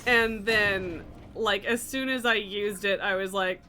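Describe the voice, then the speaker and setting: A woman chatting casually with a friend during a game stream, giggly and quick to swear. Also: medium pitch, fairly even intonation, pushed and bright, a little hiss or hum. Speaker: co-player. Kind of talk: casual chat while gaming.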